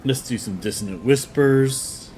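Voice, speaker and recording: In this let's-play clip, a man with a medium-pitched voice, talking a little slowly, walks himself through his role-playing game moves in an easygoing manner. Game music plays loudly behind him, and there's slight background noise.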